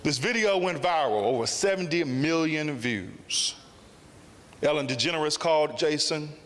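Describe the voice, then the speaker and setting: A man's voice: fairly high pitch, animated, unhurried, fairly bright tone. Guy giving a speech at a summit, storytelling w lots of repeating for emphasis, big echoey hall. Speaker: summit speaker. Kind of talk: public speech. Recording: long hall reverb.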